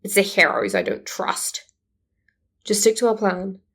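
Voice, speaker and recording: A woman voicing a grumpy, deadpan young male villain leader who mumbles. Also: mid-range voice, measured pace, breathy edge, full character voice. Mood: grumbling.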